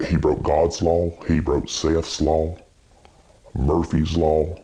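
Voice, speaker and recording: A man playing an awkward adult twin brother in a mock documentary, his voice disguised and lowered, acting out quotes as he tells a story. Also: little pitch movement, slow, warm tone, full character voice, poor audio. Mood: deadpan.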